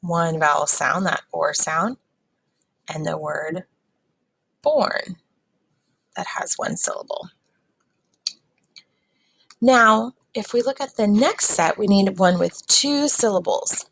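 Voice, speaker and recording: A woman teaches a recorded phonics lesson to young children, sounding each word out patiently. Her voice sits low and has a gravelly fry. She speaks at an unhurried, deliberate pace. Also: a bit bright, dry recording, low-quality recording. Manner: patient, slow, sounding words out.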